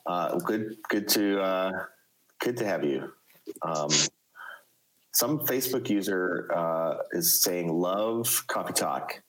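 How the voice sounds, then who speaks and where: A man with a Chicago accent hosting a casual live podcast chat, talking haltingly with many fillers and restarts. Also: low voice, expressive, low-quality recording. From United States. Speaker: podcast host.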